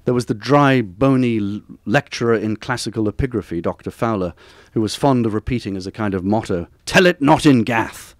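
A man, reading aloud from a personal essay at a bookstore event in a measured, wry, literary way. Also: fairly low pitch, no room sound, clean studio sound. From Durham, northern England. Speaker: author reading from his book.

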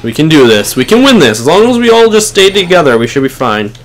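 Young male gamer, high-pitched, frustrated live commentary with plenty of swearing. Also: big pitch swings, quick pace. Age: young adult. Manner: swings between muttering and shouting in frustration, swears a lot. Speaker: gaming channel host.

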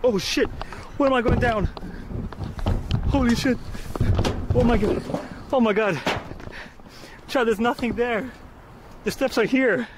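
A man's voice: very high-pitched, background noise. A man streaming outdoors, exclaiming and swearing in alarm as he walks. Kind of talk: casual live-stream reactions.

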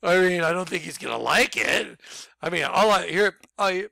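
A man giving an excitable, rambling personal testimony about his ministry, bursting into shouts. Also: sits high, normal speed, gravelly, no room sound. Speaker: ministry leader.

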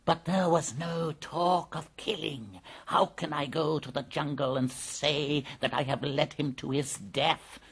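A man's voice: a little high, steady tone, a little slow, gravelly, hardly any pauses, fairly bright tone, husky, pitched above the performer's own voice, full character voice. A man voicing a huge old male python in an audiobook, grave and hissing, wary and fierce. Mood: troubled. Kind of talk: audiobook character voice.

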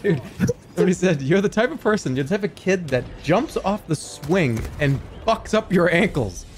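A man's voice: high voice, animated, moderate pace, soft background music. A man streaming a game with friends, chatting casually and quizzing the group in an upbeat way. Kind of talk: casual chat while playing a game.

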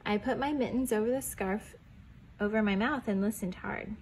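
A young woman reading a picture book aloud to preschoolers in a gentle storytelling voice, stopping to ask the children questions and dropping to a whisper on the quiet lines. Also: medium pitch, moderate pace, a little hiss or hum, poor audio.

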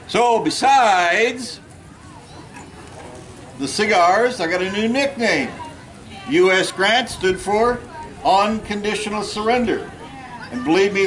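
A man's voice: high-pitched, a bit bright, exaggerated voice, low-quality recording. A man reenacting a plainspoken Civil War Union general, telling war stories in the first person with folksy humor and drawing the audience in. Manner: folksy storytelling, jokes with the audience. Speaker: historical reenactor. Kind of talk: first-person living history talk. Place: outdoor history event in a park.

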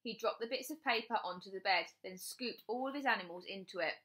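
A woman teacher reading a children's chapter book aloud with expressive storytelling. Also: mid-range voice, fast.

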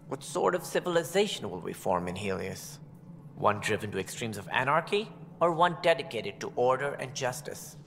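A man's voice: medium pitch, big pitch swings, moderate pace, vocal fry, fairly bright tone, a little hiss or hum. An actor voicing a stern, haughty alien male colony director who speaks formally and looks down on common people. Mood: stiff, formal. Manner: formal, condescending about commoners. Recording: game audio with long reverb and music.

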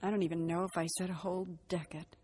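A middle-aged woman shares her personal faith testimony as a vivid storyteller, acting out the dialogue and dropping to a hushed voice at reflective moments. Her husky voice is on the low side, with a level tone and a fast delivery.

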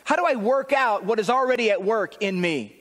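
High-voiced pastor preaching in a reverberant hall. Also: male voice, lively intonation, brisk, fairly bright tone. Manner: earnest, encouraging preaching with repeated phrases. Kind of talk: sermon. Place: church sanctuary.

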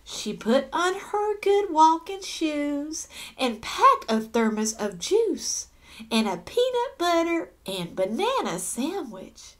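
A woman reads a children's picture book aloud in an unhurried, high voice. Her pitch swoops up and down as she lingers over each line. She breaks off for gasps and small asides to her listeners. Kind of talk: read-aloud storytelling.

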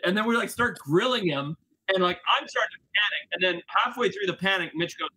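A man hosting a casual crew chat, telling a story in an animated way with laughter and acted-out quotes. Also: sits high, quick pace, slightly rough, low-quality recording. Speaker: show host.

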